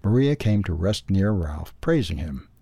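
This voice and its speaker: A man reading a children's animal story aloud for a newsletter's audio edition, in a calm, even way. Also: sits low, moderate pace, vocal fry, husky, dry recording. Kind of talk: storybook narration.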